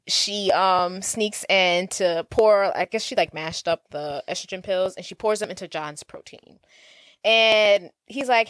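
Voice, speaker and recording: A woman co-host walks through a film's plot in a giggly, animated way. Her voice is mid-pitched and recorded close and dry. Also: normal speed, no echo. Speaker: podcast co-host. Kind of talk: casual chat, retelling a movie plot.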